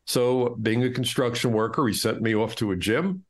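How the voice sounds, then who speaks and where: Middle-aged guy from the states telling his life story, gets fired up and indignant, mid pitch voice. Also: normal speed. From United States. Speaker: interview guest. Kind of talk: storytelling in an interview.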